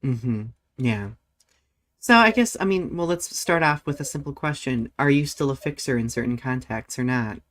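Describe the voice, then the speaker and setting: Animated, laughing male podcast host. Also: mid-range voice, moderate pace. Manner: animated, laughs easily, many "like" fillers. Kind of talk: casual chat.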